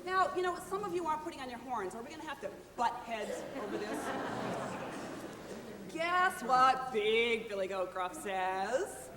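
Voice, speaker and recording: Woman storyteller working a live crowd; high, bouncy, playful; recorded from afar in a big reverberant hall with audience noise. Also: moderate pace. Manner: animated, coaxing, playful. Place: large theater hall. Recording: echoey hall, distant mic, audience noise.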